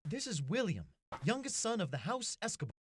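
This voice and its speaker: An actor playing an eager, brave young fisherman's son in a studio game, telling his father a story with excited energy. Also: high-pitched, brisk, a little hiss or hum.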